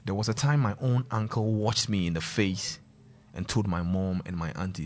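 A man's voice: lowish voice, fairly even intonation, normal speed. A Ghanaian man presenting a talk show, sharing a passionate personal testimony and mixing English and Twi. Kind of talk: emotional personal testimony to viewers.

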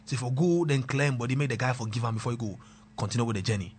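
A young Ghanaian-accented man casually tells a personal story, mixing in pidgin and local words while swinging between loud and quiet. His mid-range voice is husky and he talks at a racing pace.

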